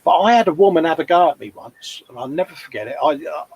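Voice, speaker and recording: A man's voice: fairly high pitch, animated, fast talker, darkish tone, breathy edge, no room sound, highs cut off. A man in his fifties with an East London accent, chatting casually on a hobby livestream and telling rambling anecdotes. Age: 50s. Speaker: co-host of a model-building livestream. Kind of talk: casual chat.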